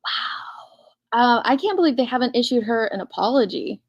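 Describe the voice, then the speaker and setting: A woman hosts a casual livestream, her voice pitched fairly high. She chats loosely, reacting with quick asides. The sound is dry, with no room echo. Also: expressive, muffled recording. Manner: chatty, reacts with asides and laughs. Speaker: host. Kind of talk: casual livestream chat, reading a statement aloud.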